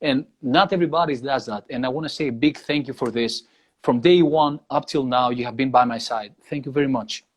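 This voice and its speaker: A man's voice: medium pitch, fairly quick. A man from Greece with a Greek accent, a guest guitarist speaking English in a casual interview, earnest and thankful, often restarting his sentences. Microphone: video call or live stream.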